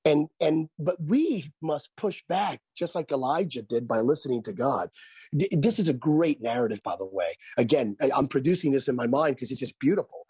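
A man's voice: medium pitch, animated, normal speed, darkish tone, breathy edge, dry recording. A man who is a pastor and author, speaking as a radio interview guest in an emphatic preaching cadence and repeating phrases for effect.

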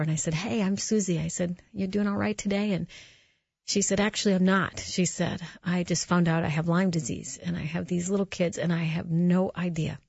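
A woman's voice: on the low side, no room sound. A woman hosting a Christian radio talk show, telling personal stories in an earnest, conversational way with restarts. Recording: dull, slightly muffled radio audio.

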